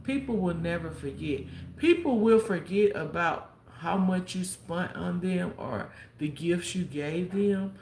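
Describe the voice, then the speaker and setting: A woman's voice: fairly low pitch, a little slow, a little hiss or hum. A woman telling a story on a live stream as a content creator, acting out what people said and giving heartfelt advice. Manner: animated storyteller who acts out quotes and gives heartfelt advice. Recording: roomy echo with faint background ambience.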